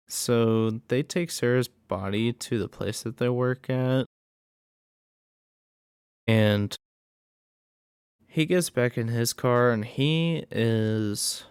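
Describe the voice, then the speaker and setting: A man recaps a horror film in a loose, rambling, profane way, stopping and restarting as he goes. He talks at a slow, unhurried pace. The sound is dry and close, with no room in it. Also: medium pitch, clean tone, no room sound. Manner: rambling, profane, animated storytelling. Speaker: horror movie reviewer. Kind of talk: casual movie recap.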